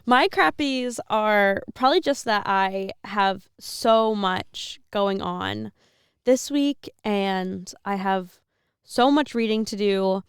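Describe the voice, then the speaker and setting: Smooth-voiced young woman chatting casually. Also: medium pitch, no echo, studio quality. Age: 20s. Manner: chatty, laughs often, rambling restarts. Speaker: podcast co-host, seminarian. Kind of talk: casual podcast chat.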